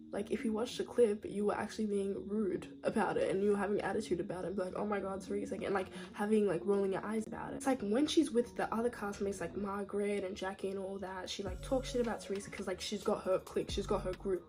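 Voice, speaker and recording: A woman giving casual, opinionated commentary on a reality show, talking straight to her viewers and often saying "like, girl". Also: medium pitch.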